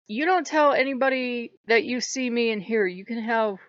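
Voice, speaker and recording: A woman's voice: on the high side, moderate pace, dry recording, pitched above the performer's own voice, natural voice. A woman voicing a mischievous newborn male trickster god who uses whiny, wheedling baby talk, on a dull lo-fi recording. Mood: sly.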